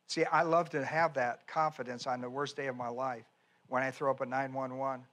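A man's voice: mid-range voice, fairly even intonation, a little fast, pushed and bright. A man preaching a sermon as pastor, folksy and emphatic, with chatty asides and repeated phrases. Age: older.

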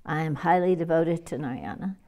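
Stern old sage preaching read by a woman; low, mellow tone, measured scripture delivery. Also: animated. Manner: solemn, measured reading. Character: stern old male sage laying a curse. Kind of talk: scripture reading.

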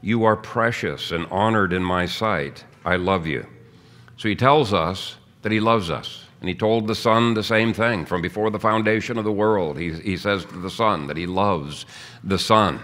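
A man's voice: low voice, normal speed, fairly bright tone. A man preaching a sermon as pastor, teaching earnestly and reading out scripture. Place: church.

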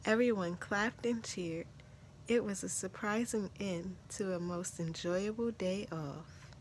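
A woman reads a children's picture book aloud, taking her time over each sentence. Her delivery is gentle and measured, at an ordinary middle pitch, with a faint hiss behind her. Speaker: storybook narrator. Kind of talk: children's story read aloud.

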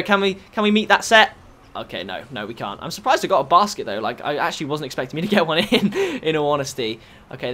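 A young man giving chatty, excitable live commentary over his own gameplay. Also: sits high. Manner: excitable, chatty, bursts into shouts and laughs. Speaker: gaming YouTuber.

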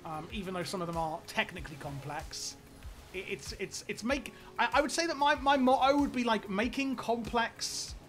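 A man live-streaming a game, chatting casually with viewers in an excitable, rambling way, often stammering and repeating words. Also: high voice, normal speed, soft background music.

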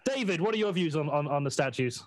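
A man hosting a comedy panel show, briskly bringing in each panelist with fillers. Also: on the high side, lively intonation. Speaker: host.

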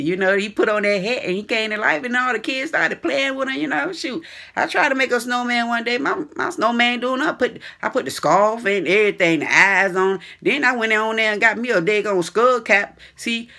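A woman's voice: medium pitch, bright, forceful tone. A woman vlogger chatting casually to her viewers in a chatty, slangy way, laughing often. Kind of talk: casual chat to camera.

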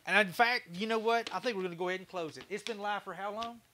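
A Texan man hosts his woodworking livestream in a loose, laid-back chat, laughing easily and tossing in casual swears. His voice sits high for a man and rings bright and forward. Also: fast talker, a little hiss or hum. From Texas. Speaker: livestream host, woodturner.

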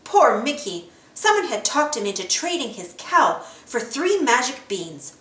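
Woman storybook reader for children; expressive read-aloud, roomy sound. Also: on the high side, unhurried.

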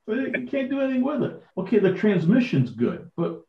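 A man guest on a podcast, telling lively anecdotes and acting out the people in them. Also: sits high, brisk, reverberant, muffled recording. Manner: animated anecdote-telling with quoted dialogue. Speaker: podcast guest, tractor collector. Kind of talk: casual storytelling.

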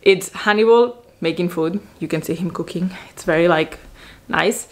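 A woman with a slightly low voice rambles through a chatty recap vlog. She talks in an excitable, unpolished way, scattering "like" through every sentence. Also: moderate pace. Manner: rambling, excitable, heavy use of "like" fillers. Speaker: vlogger recapping a TV series.

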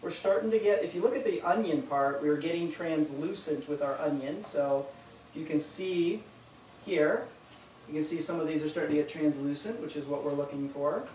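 A man's voice: a little high, moderate pace, a little mellow, a little hiss or hum. A man hosting a live cooking class, chatting as he explains each step. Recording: echoey room, mic far off.

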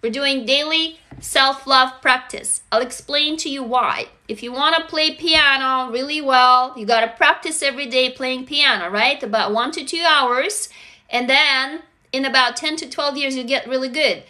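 A woman from Russia, Russian by first language, hosting a casual livestream chat, energetic, greeting viewers and swearing freely. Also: high-pitched, normal speed. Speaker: livestream host.

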